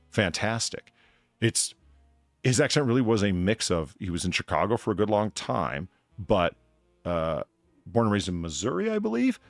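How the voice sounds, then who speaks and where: A man's voice: deep voice, dry recording. A man hosting a podcast in casual, rambling chat, swearing freely and gushing about what impresses him. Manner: rambling, profane, enthusiastic. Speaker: podcast host.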